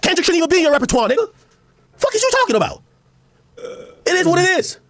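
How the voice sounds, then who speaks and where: A man loudly ranting on a clip, mocking and profane, often shouting and laughing. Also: extremely high pitch, sing-song, fast talker, dry recording, studio quality. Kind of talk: heated reaction rant.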